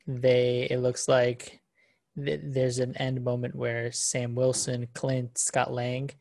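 A man co-hosting a podcast, chatting casually in a relaxed way, often stumbling over the first words of his sentences. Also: mid-range voice, takes it slowly, vocal fry. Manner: relaxed, with stammered restarts. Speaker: podcast co-host. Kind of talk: casual review chat.

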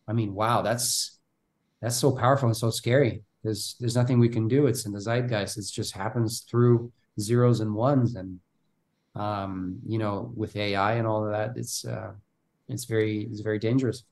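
A man's voice: fairly low pitch, fairly even intonation, moderate pace, a little mellow. A man from Bulgaria, an actor giving an interview in casual conversation, speaking animatedly and often repeating words as he starts his thoughts. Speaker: actor guest.

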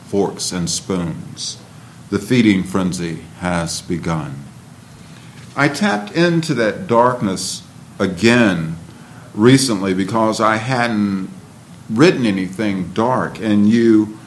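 A man who is a poet, performing spoken word poetry with a slow, rhythmic delivery and talking about his writing. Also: fairly low pitch, a little hiss or hum.

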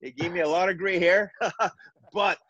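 Animated middle-aged storyteller, dry sound. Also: male voice, sits high, unhurried, husky, no room sound, highs cut off. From Montreal, Canada. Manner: animated, acts out dialogue in his stories. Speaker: retired basketball coach, guest. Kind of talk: storytelling in a podcast interview.

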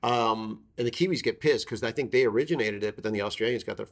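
A man's voice: on the low side, fast. A middle-aged man, a guest actor and improviser, telling a comic story in casual chat with rambling, self-interrupting tangents.

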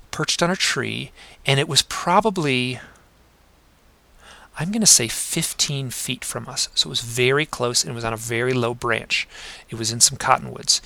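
A man guesting on a podcast, telling personal stories in an earnest, reflective way, pausing often with fillers. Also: mid-range voice, vocal fry, sharp tone. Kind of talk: conversational storytelling. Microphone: home desk microphone.

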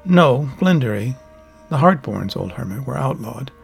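A man's voice: medium pitch, sing-song, unhurried, vocal fry, breathy edge, soft background music, exaggerated voice. A man reading an audiobook voices a distrustful young traveler who presses insistently for answers. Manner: insistent, guarded.

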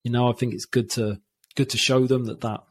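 A man's voice: medium pitch, flat delivery, slightly rough. A man, talking openly and reflectively as an interview guest, often restarting his sentences. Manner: open, reflective, halting with many restarts. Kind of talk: candid interview talk.

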